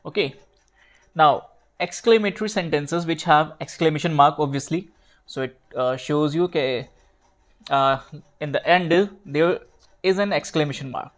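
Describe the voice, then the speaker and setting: A man teaching grammar at a slow pace, repeating himself and correcting his own slips while writing out examples. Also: on the high side. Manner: slow, repetitive, fillers and self-corrections. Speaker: English teacher.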